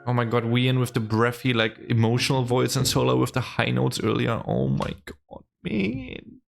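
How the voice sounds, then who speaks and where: Excitable young man gushing casually. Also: mid-range voice, a little fast, gravelly, soft background music. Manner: excitable and gushing, with lots of "man" and "bro" and some swearing. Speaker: reaction video host. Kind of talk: casual reaction vlog chat.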